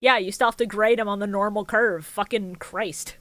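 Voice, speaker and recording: A woman's voice: medium pitch, fairly even intonation, normal speed, a bit bright, dry recording. A woman co-hosting a casual group chat show, laughing often and swearing freely. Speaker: podcast co-host.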